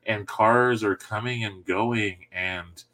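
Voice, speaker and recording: Man with a low voice telling a story. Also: slow. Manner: animated, laughs often while telling a story. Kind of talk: casual chat.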